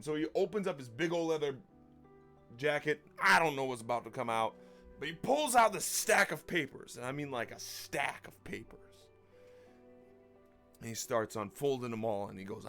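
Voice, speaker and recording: A man hosting his own channel, casually telling a personal story in an animated, self-conscious way and acting out the dialogue. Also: medium pitch, moderate pace, faint music behind.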